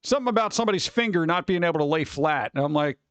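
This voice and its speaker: A man's voice: on the high side, animated, rapid-fire, fairly bright tone, dry recording. A middle-aged man hosting a casual stream, rambling loosely, swearing and acting out the people he talks about. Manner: over-caffeinated. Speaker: streamer host. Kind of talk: casual rambling chat with viewers.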